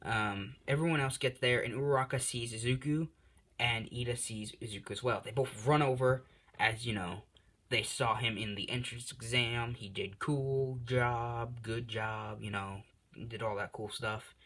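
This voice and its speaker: A man's voice: medium pitch, steady tone, normal speed, fairly bright tone. Male host, casual improvised storytelling, rambling, self-deprecating, heavy on fillers. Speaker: channel host telling a fan story.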